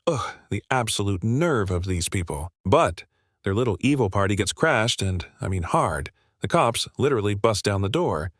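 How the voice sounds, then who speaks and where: A man's voice: lowish voice, expressive, moderate pace, no room sound, clean studio sound. A man narrating a scripted story recap in a breathless, gossipy style full of slang.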